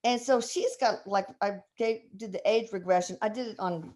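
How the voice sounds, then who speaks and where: A woman's voice: mid-range voice, moderate pace, a little mellow. A woman hosting a casual video chat as an energy healer, effusive and affectionate with her guest. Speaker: channel host, energy healer.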